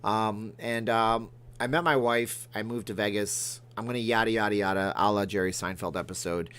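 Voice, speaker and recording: A man's voice: on the low side, steady tone, moderate pace, a bit bright, clean tone. Rambling, joking man hosting a livestream. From Alberta, Canada. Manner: rambling, joking, talks to his cat between comments. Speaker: livestream host. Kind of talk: casual livestream chat reading viewer comments.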